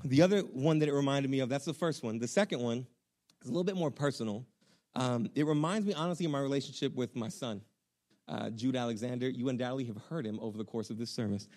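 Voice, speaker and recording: A young man, a pastor, preaching a sermon in an animated, conversational way with casual slang. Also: mid-range voice, fast.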